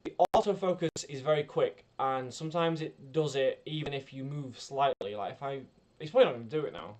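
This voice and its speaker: A man, rambling and talking a bit louder than usual in a casual tech review vlog, recorded at home through a built-in webcam microphone with poor audio. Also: mid-range voice, fairly quick. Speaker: YouTuber reviewing gear. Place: home room near a computer tower.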